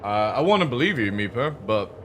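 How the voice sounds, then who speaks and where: A man's voice: lowish voice, very animated, a little fast, fairly bright tone, a little hiss or hum. A man streaming a game, chatting casually with his viewers, joking and swearing freely. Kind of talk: casual live-stream chat.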